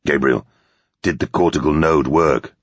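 A man's voice: a bass voice, unhurried, husky, no room sound, heavily acted. A man voicing a grim, determined man who gives firm, urgent orders. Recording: dull, slightly lo-fi recording.

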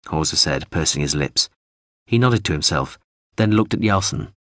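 A man narrating a story in an expressive audiobook reading. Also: low voice, normal speed, no room sound, studio quality.

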